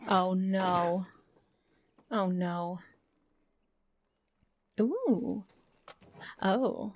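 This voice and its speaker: A woman streamer commentating a first playthrough of a video game, excitable with many exclamations. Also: medium pitch, unhurried, pauses often. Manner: excitable, frequent exclamations and whispers. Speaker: gaming streamer. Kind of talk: let's play commentary.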